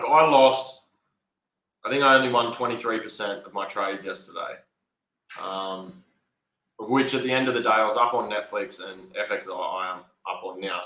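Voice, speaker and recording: A man's voice: on the low side, fairly even intonation, a little fast, pushed and bright, echoey room, poor audio. A man rambling through casual, unscripted market commentary as a trader, swearing a lot and sounding frustrated. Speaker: trader talking through his charts.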